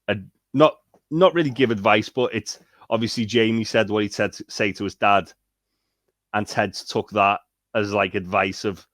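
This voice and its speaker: A man's voice: lowish voice, steady tone, normal speed, fairly bright tone, no room sound. A man co-hosting a podcast, making a rambling point in casual chat. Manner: rambling, searches for words. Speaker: podcast co-host.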